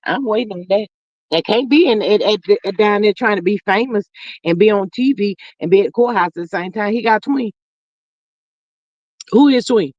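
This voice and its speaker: A livestream host casually reads viewer chat aloud and answers with playful, slangy asides and drawn-out hums. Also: mid-range voice, no echo, muffled recording. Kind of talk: casual commentary.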